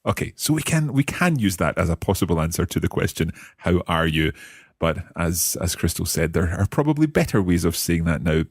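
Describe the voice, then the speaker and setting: A man's voice: low-pitched, sing-song, fairly quick, slightly rough, no echo, clean studio sound. A Scottish man co-hosting a beginner language lesson podcast as the learner, curious and repeating phrases after the teacher. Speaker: learner co-host.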